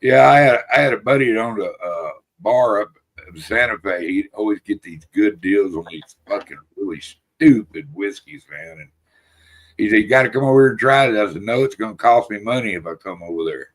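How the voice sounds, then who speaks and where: Profane rambling storyteller man, low voice. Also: expressive, brisk. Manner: rambling, profane, laughs through his stories. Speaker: podcast host. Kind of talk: casual storytelling chat.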